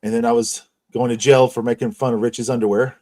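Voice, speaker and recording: A man's voice: mid-range voice, level tone, fairly quick, darkish tone. A man hosting a casual livestream chat, telling profane stories and laughing often. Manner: profane, laughs a lot, storytelling. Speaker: stream host.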